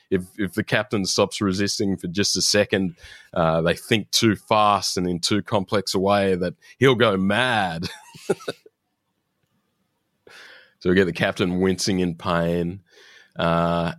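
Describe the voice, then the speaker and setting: A man's voice: low voice, no echo, studio quality. A man co-hosting a podcast, chatting casually as he recaps an episode, laughing often and using lots of fillers. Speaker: podcast co-host.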